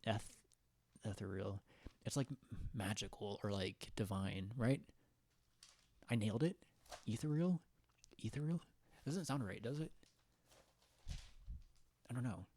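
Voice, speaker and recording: A man's voice: lowish voice, a little slow, pauses often, a little mellow, breathy edge. A young man hosting a casual livestream, rambling and giggling as he chats with viewers and reads their comments. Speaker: livestream host.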